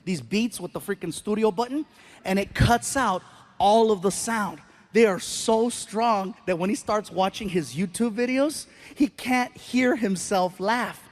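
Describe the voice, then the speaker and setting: High-voiced middle-aged man, animated stand-up storyteller. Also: a little slow. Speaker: stand-up comedian. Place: live stage.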